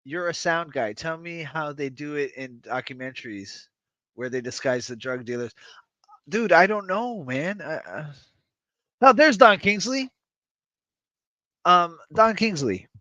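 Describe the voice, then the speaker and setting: Excitable rambling male streamer, bright tone. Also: fairly high pitch, measured pace, no echo, lo-fi sound. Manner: rambling, excitable, self-mocking, swears. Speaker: livestream host. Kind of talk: casual livestream chat to viewers.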